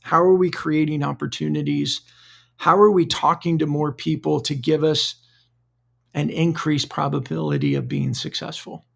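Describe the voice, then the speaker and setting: A middle-aged man talks through a solo podcast episode in a loose, conversational way, circling back and repeating words as he works out his thoughts. His voice sits a little high and carries a strong gravelly fry throughout. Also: steady tone, normal speed, fairly bright tone. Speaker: podcast host. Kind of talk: solo podcast monologue, live-streamed.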